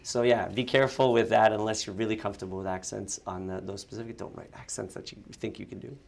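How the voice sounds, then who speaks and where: A young man from Montreal talks through an interview in a low, gravelly voice. He is chatty and laughs easily, often breaking off and restarting his sentences as he works his thoughts out loud. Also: fairly even intonation, fast talker, slight background noise. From Montreal, Canada. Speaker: actor and sketch comedian guest. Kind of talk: casual interview chat.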